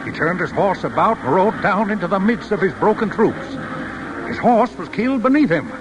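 A man's voice: sits high, expressive, normal speed, over music, poor audio. An actor playing an old grandfather and war veteran telling stories to his grandson in a radio play. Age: older. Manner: fond storytelling, chuckling. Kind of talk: 1940s radio acting.

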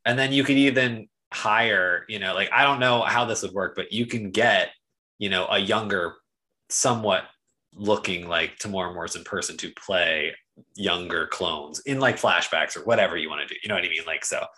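A man with a low voice but a bright, forceful tone talks in a loose podcast chat. He rambles through his ideas and hedges them with plenty of "like" and "you know.". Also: normal speed. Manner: rambling, hedging with fillers. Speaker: podcast co-host.

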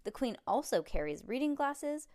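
A know-it-all little girl lists facts in a high, bright voice, as a woman reading aloud puts her on. She sounds sure of herself and a little bossy. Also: sing-song, moderate pace. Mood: prim.

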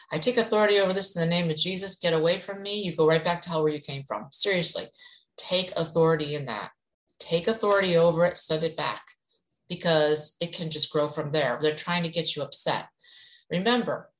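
Low-voiced woman giving chatty spiritual advice. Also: rough recording. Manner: chatty, rambling, frequent "right?" asides. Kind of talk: casual spiritual talk to viewers.

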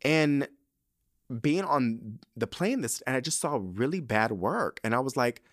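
A man's voice: medium pitch, lively intonation, unhurried, no echo, studio quality. A man hosting a podcast, talking in a candid, chatty way with frequent slang and profane asides. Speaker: podcast host. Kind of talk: casual chat.

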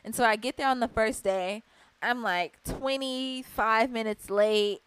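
A young woman, co-hosting a podcast and telling stories in a lively, casual way. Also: mid-range voice, clean tone, no echo. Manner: animated storyteller, laughing and acting out moments. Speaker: podcast co-host. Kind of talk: casual chat.

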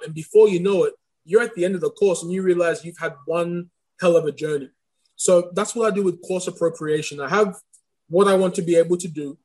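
A man speaks with a slight speech impediment, his voice sitting a little high. He talks earnestly and searchingly, restarting his sentences often as he explains his thinking. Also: darkish tone, poor audio. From Australia. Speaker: guest, course creator and preacher. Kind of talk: reflective interview talk.

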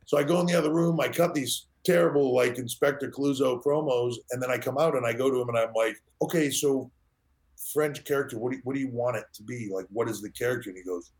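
A middle-aged man speaks as a podcast guest at an ordinary pitch. He tells his stories with energy and slips into other people's lines as he quotes them. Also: fast. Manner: animated storyteller acting out quoted dialogue. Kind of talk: conversational storytelling in an interview.

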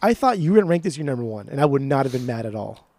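A man co-hosting a podcast in casual chat, excitable and profane, often repeating words as he gushes. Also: medium pitch, fast talker, no room sound. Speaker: podcast co-host.

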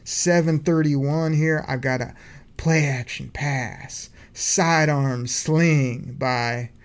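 An excited man hosts a casual sports podcast, walking through game plays from his notes like play-by-play. His voice sits a touch higher than most men's. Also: drawn-out words. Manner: hyped play-by-play recapping from notes. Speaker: podcast host.

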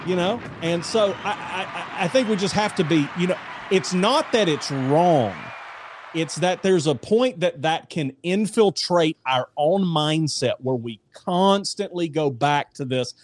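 A man in casual faith discussion, telling jokes and stories in an animated way, with voices. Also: fairly high pitch, a little slow.

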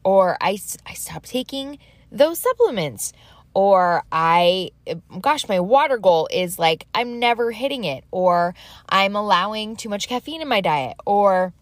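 A woman's voice: mid-range voice, lively intonation, a little slow, no echo. A woman in her thirties talking casually and rambling about faith and journaling, chatty and self-deprecating, with a slight allergy cough. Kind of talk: casual faith-based advice talk.

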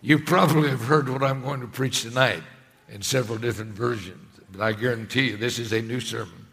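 A man preaching a sermon in a church, with emphatic, swelling phrases and a steady, conversational delivery between the peaks. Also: medium pitch, brisk, creaky, a little hiss or hum. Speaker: pastor. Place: church sanctuary. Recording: long hall reverb.

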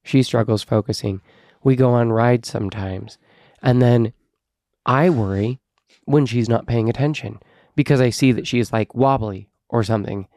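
A man's voice: medium pitch, moderate pace, a little mellow, no room sound. Co-host, male parent, earnest and reflective, mid-range voice, dry close recording. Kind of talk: casual podcast chat.

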